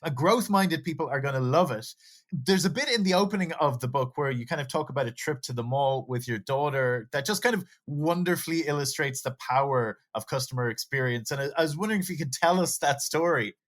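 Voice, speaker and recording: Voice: mid-range voice, brisk. An encouraging podcast host opens with praise for the guest's book, then asks her for a story. The voice sits mid-range, with an easy, friendly delivery. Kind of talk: interview questions.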